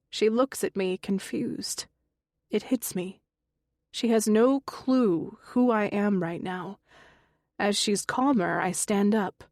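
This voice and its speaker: A woman reading a first-person mystery audiobook in a measured, unhurried way. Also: medium pitch, darkish tone, no room sound, clean studio sound. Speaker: audiobook narrator.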